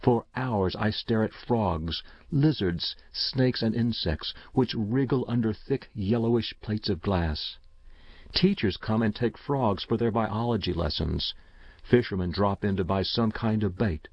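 Somber low-voiced male storyteller. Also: dry recording, highs cut off. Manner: measured, somber first-person storytelling. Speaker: narrator. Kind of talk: audiobook short story reading.

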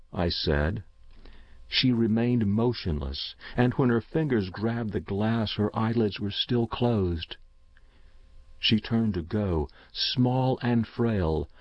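Male narrator, lowish voice, measured and somber story reading; dull, dry lo-fi recording. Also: no echo.

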